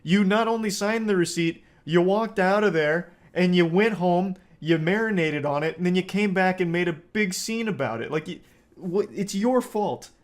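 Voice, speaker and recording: Brief: deadpan young male commentator, fairly high voice, sardonic and profane. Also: moderate pace. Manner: deadpan, sardonic, swears a lot. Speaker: commentary YouTuber. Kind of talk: reaction commentary.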